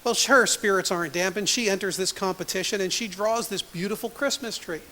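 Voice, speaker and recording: A man's voice: high voice, fairly quick, sharp tone. A man preaching a sermon as pastor, telling a story and acting out its quotes. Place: church sanctuary. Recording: long church hall reverb.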